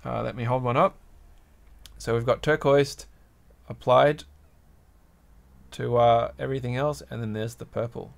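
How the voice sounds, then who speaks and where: A man's voice: mid-range voice, fairly even intonation, measured pace, vocal fry, long pauses. A man with an Australian accent chatting casually on a livestream while he works on a craft project, rambling and musing aloud. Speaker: livestream host.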